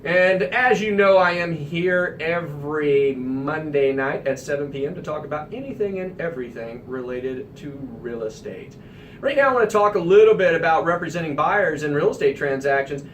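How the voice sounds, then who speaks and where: A man from the American Midwest hosting a radio talk show, telling an anecdote in an animated, emphatic way. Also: fairly high pitch, moderate pace, distant mic, slight background noise. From Midwestern United States.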